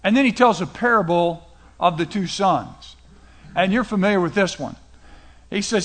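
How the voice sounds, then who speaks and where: High-voiced man preaching casually. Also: normal speed, pauses often, a bit bright. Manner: conversational preaching, retells scripture in casual paraphrase. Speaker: pastor. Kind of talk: sermon.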